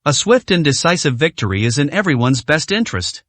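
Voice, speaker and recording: Lively, fairly high male storyteller. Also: fairly quick, dry recording. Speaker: narrator. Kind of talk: scripted story narration.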